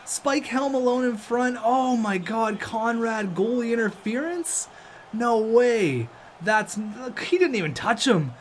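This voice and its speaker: A young man commentating his own video game match, joking and shouting when play gets tense. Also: very high-pitched, slow, slight background noise. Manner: excitable, jokey, shouts at big plays. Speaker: gaming YouTuber.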